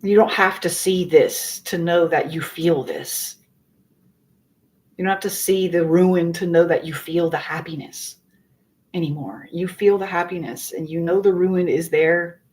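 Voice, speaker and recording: A woman's voice: on the low side, fairly even intonation, unhurried, darkish tone, low-quality recording. A woman giving a live tarot reading to her viewers, earnest and rambling, circling back over her words and swearing casually. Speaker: tarot reader.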